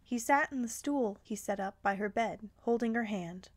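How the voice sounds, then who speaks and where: A woman gently reading a romantic fan story aloud. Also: a little high, normal speed. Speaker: fan fiction reader.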